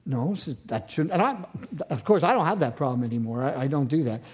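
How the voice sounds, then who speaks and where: A man's voice: medium pitch, expressive, quick pace, darkish tone, husky. A middle-aged man from central Pennsylvania preaching a sermon, with self-mocking asides and rising passion. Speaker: pastor.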